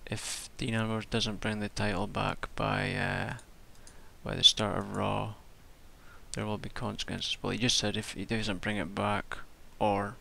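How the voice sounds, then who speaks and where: Tired guy rambling about wrestling, super gravelly and a bit low, swears a lot. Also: level tone, measured pace, bright, forceful tone, a little hiss or hum. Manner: rambling, swearing, with many restarts. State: tired from staying up all night. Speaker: wrestling show reviewer. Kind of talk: casual spoken review.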